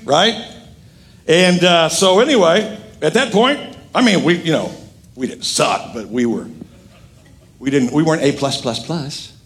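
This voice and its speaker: Middle-aged male pastor, fairly high voice, preaching with animated, joking emphasis. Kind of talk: sermon.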